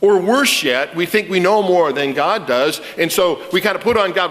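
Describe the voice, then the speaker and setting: A man preaching a sermon as a pastor, telling stories in an animated way and repeating words as he starts phrases. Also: high voice, normal speed, few pauses. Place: church sanctuary. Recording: reverberant church sanctuary.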